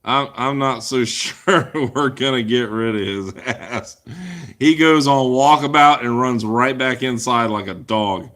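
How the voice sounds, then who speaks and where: Hosting a laid-back live chat Q&A, a man rambles and jokes crudely while answering viewers. His mid-range voice is bright and forceful, and he speaks unhurriedly.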